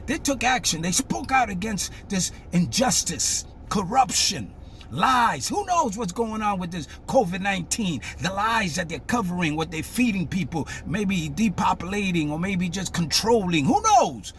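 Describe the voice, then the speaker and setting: A man's voice: high-pitched, big pitch swings, normal speed, fairly bright tone, a little hiss or hum. A man giving impassioned commentary, emphatic and preacher-like, repeating his points.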